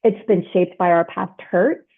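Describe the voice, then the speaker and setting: A woman's voice: fairly low pitch, a little slow, gravelly, breathy edge. A woman leadership coach giving an instructional self-help talk, explaining step by step and often checking in with "right?". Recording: tinny phone-like sound.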